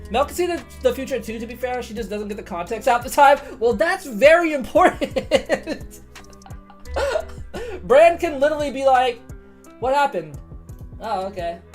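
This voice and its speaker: A woman streaming a game, chatting casually, excitable, swearing and laughing often. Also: high-pitched, normal speed, faint music behind. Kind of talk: casual gaming commentary.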